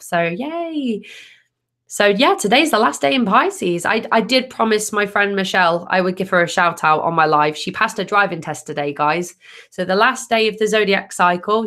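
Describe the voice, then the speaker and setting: Woman hosting a relaxed live stream as a tarot reader: upbeat and chatty, reads comments aloud. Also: medium pitch. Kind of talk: casual live stream chat.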